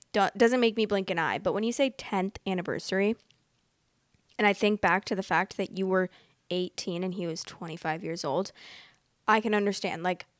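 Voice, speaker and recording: A young woman hosts a storytime show, reading stories aloud and then reacting in expressive, exasperated asides. Her voice sits in a middle pitch. The sound is dry and close, with no room around it. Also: dry recording. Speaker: host.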